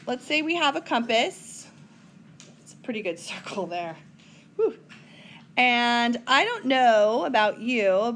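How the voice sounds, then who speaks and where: A woman's voice: on the high side, fairly bright tone, a little hiss or hum. A woman teaching a recorded whiteboard math lesson, chatty, with playful asides to her students.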